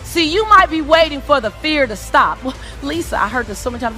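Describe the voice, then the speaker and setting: A woman delivering a motivational speech from a stage, hammering her points home with short, punchy commands. Loud backing music runs under her voice the whole time. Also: sits high, animated, brisk. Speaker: motivational speaker.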